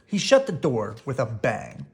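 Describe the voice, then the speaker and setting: A reader narrating a children's mystery book as a bedtime read-aloud, expressive and pausing to show pictures. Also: medium pitch, creaky.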